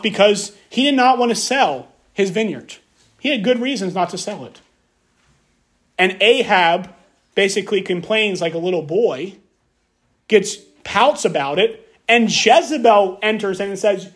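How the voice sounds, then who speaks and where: This is a man with a high voice delivering a sermon. He reads scripture, then presses his points by repeating key phrases and firing off rhetorical questions. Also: lively intonation, unhurried. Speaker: preacher.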